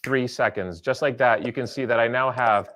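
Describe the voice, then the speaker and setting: A man's voice: medium pitch, normal speed, fairly bright tone. A man hosting a live-streamed magic show, chatty and upbeat, joking about himself between tricks. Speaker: magician host.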